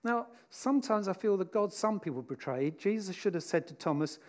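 Conversational male preacher, fairly high voice. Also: a little fast, few pauses. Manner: conversational and animated, voicing the disciples. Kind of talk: sermon.

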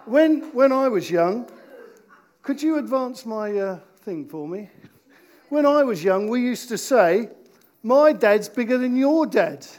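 A man preaching an interactive sermon in church, playful with his volunteers and slowing down to stress key points. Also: extremely high pitch, a little mellow. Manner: playful, slows down for emphasis.

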